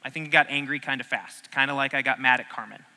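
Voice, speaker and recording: A man's voice: medium pitch, quick pace, bright, forceful tone. A man preaching a casual sermon, joking and asking the audience questions as he teaches. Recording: long hall reverb.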